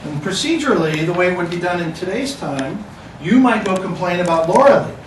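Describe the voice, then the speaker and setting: A man's voice: high-pitched, expressive, brisk, recorded from a distance, background noise. A man teaching a class, with a casual, joking lecture manner. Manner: casual, joking, talks to students. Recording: echoey classroom recorded from afar.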